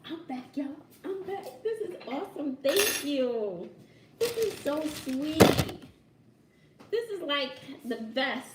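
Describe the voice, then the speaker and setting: A woman's voice: sits high, slow, recorded from a distance, very noisy. Giggly woman vlogging in an echoey room. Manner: excited, giggly, talks to viewers as y'all. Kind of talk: casual vlog chat. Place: home room.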